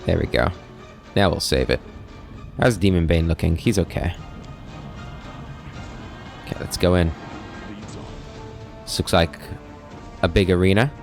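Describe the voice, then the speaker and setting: Deep-voiced man commenting on gameplay. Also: vocal fry, darkish tone. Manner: thinks aloud, reads game text. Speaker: let's play host.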